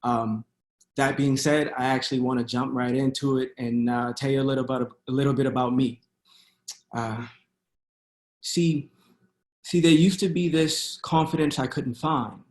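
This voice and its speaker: A man's voice: medium pitch, fairly even intonation, moderate pace, a little mellow, reverberant. A man reading his own poetry aloud over a video call, in a rhythmic spoken-word delivery. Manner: rhythmic spoken-word delivery with hesitant fillers between pieces. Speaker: poet.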